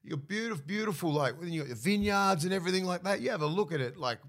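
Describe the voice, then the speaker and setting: A man's voice: sits high, fast talker. An Australian man in his thirties, a former rugby league player, telling stories in casual podcast chat and swearing freely. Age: 30s. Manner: swears freely, animated storytelling with mimicked voices.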